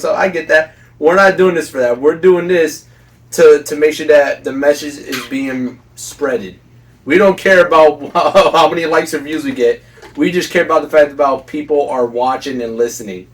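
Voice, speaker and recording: Heard from a distance on the mic, this podcast co-host has a voice on the high side. He shares casual opinions in an earnest, preachy way, frequently laughing as he argues his case.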